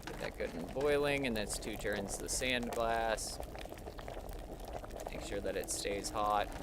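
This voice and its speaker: Talking to the game character and mocking himself as he plays, a streamer gives casual let's-play commentary. He has a fairly low voice and a measured pace, and background noise is audible.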